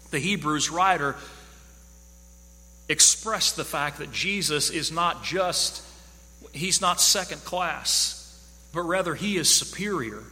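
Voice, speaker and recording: Male preacher, high and very bright tone, emphatic and repetitive delivery, hall reverb. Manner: emphatic, repeats key phrases for stress. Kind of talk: sermon.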